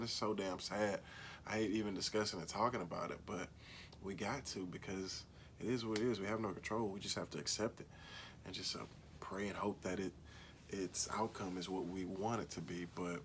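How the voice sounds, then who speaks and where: A man's voice: sits low, fairly bright tone, slight background noise. A man hosting a casual solo TV-recap video, laid-back and conversational, often asking viewers what they think. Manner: laid-back, says "man" and "y'all" constantly; asks viewers questions directly. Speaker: show recap host.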